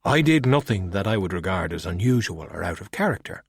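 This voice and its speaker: A man reads a calm, sharp-witted skeleton detective in an audiobook. The voice is husky and swings lively in pitch, wry and unhurried. The recording is close and dry. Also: dry recording, exaggerated voice.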